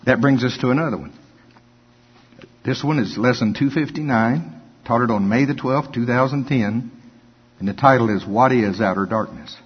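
Older man preaching, husky, echoing hall. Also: mid-range voice, normal speed. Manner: animated, folksy asides between King James readings. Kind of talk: sermon with scripture reading. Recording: dull lo-fi with long hall reverb.

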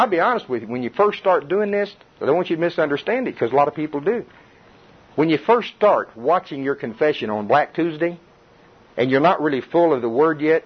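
Husky middle-aged pastor preaching casually. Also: male voice, on the high side. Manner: lively, conversational preaching with chuckles and repetition. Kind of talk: sermon at a Bible study. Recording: dull muffled recording.

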